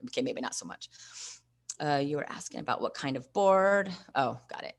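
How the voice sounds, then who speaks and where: Host, female, low gravelly voice, encouraging coach on a live video session. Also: lively intonation, normal speed. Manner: encouraging, coaching, reads viewer comments aloud. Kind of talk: live online training session.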